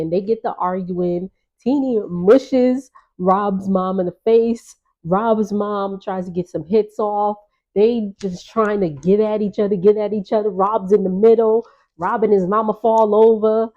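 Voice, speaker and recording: A woman's voice: mid-range voice, a little slow, warm tone, muffled recording. A woman vlogger recapping a reality show in a chatty, gossipy way, with laughing asides. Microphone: on-camera.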